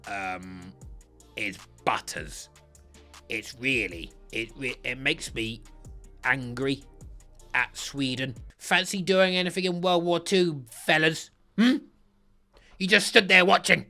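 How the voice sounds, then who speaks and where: A man's voice: gravelly, bright, forceful tone. A man giving blunt, crude, sarcastic commentary while ranking football kits. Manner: blunt, crude and sarcastic, with big swings in pitch. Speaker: football kit reviewer. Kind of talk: comedic kit ranking commentary.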